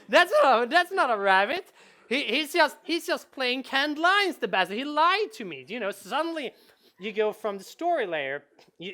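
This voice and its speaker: A man, a game designer, giving a conference talk, animated and full of restarts and repeated words. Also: high-pitched.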